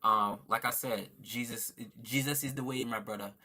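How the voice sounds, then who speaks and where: Livestream host: man, very bright and forceful tone, earnest and thankful, chatty with a preacher's lean, phone mic. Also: medium pitch, fairly even intonation, normal speed. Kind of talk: casual livestream chat reading viewer comments.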